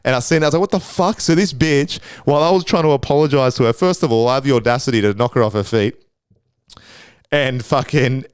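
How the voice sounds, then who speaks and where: A man's voice: medium pitch, quick pace, clear, resonant tone, dry recording. A young man telling a rambling, swear-filled story on his solo podcast, acting out his own panicked noises. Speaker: podcast host.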